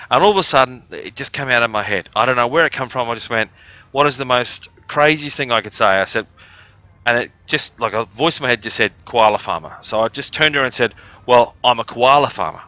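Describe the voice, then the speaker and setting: A man's voice: medium pitch, pushed and bright, no echo. An Australian man from the outback with a cough, telling a rambling, crude, joking story on a live stream. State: has a cough. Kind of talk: casual storytelling.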